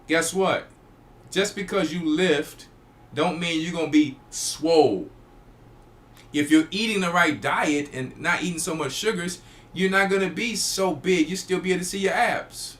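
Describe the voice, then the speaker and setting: A man's voice: on the high side, normal speed, a bit bright. A man, a church elder hosting a show, preaching emphatically and repeating phrases. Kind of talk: preaching talk to a live audience.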